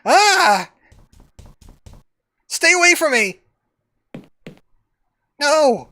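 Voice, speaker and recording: Brief: man voicing frightened young woman, shrill and pleading, high and swooping. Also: sing-song, very slow, sharp tone, exaggerated voice. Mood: terrified. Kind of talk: reading game dialogue aloud.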